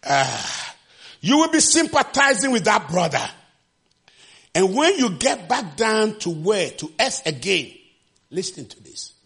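A man preaching a sermon with passion, shouting refrains and acting out the scripture quotes. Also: very animated, unhurried, vocal fry, husky. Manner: acts out quotes with sudden pitch jumps.

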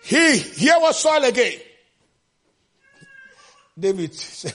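A man preaching a sermon with passion, shouting refrains and acting out the scripture quotes. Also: big pitch swings, slow, pauses often. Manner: acts out quotes with sudden pitch jumps.

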